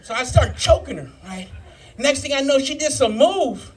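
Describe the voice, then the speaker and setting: A man's voice: very high-pitched, animated, moderate pace. A man in his fifties doing a live stand-up set, telling profane stories and working the crowd. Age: 50s. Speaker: stand-up comedian. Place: live brew pub comedy show.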